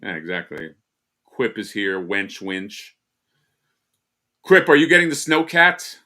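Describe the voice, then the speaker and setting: A man's voice: fairly low pitch, very animated, slow pace, sharp tone. A man co-hosting a casual live stream, rambling and joking with lots of fillers and restarts. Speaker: co-host.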